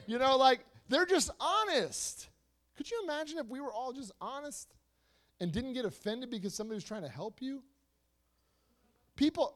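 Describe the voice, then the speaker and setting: Preaching to young people, this youth speaker's voice sits high. His delivery is animated and repetitive, full of rhetorical questions and shifts between quiet asides and loud emphasis.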